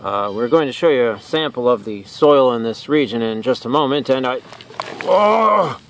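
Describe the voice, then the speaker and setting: A man hosts a comedic science lesson for kids out in the open. His voice sits at an ordinary middle pitch. He talks earnestly and mock-seriously and gets easily flustered. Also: a little fast, background noise. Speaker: science show host. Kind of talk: comedic educational presentation. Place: outdoors in a natural area.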